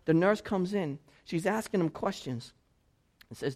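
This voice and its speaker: A high-pitched man delivering a sermon as a pastor. He moves between conversational storytelling and loud, impassioned preaching. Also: lively intonation, brisk.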